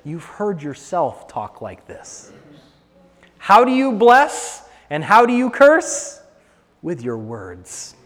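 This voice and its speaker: High-voiced man preaching in a hall. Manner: dynamic preaching, swinging from quiet to loud. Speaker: pastor. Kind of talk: sermon.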